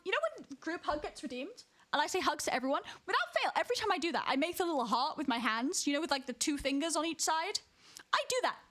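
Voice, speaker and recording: Woman streamer, high voice with a wide, bouncy pitch range, casual rambling chat with frequent giggles. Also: fairly bright tone. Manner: chatty, giggly, rambling with restarts. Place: alone in her room.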